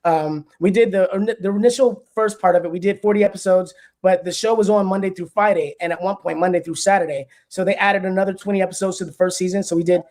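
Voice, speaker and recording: A man from Detroit with a Detroit accent talks at a quick clip in a notably high voice. As an interview guest, he explains things in a measured, steady way. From Detroit, USA. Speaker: interview guest, former actor. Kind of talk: casual interview.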